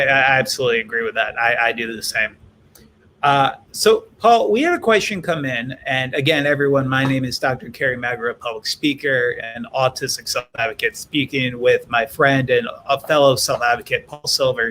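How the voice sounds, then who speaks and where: A man hosting a live online interview, his voice bright and clear. He reads viewer questions out and puts them into his own words for his guest. Faint noise hums behind him on the video call. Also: mid-range voice, normal speed. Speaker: host.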